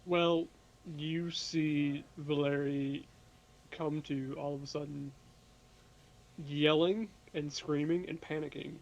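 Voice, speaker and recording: A man's voice: a little high, flat delivery, slow, creaky. A man playing a tabletop game, describing his character's actions in a casual way. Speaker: player. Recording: dull lo-fi mic with faint noise.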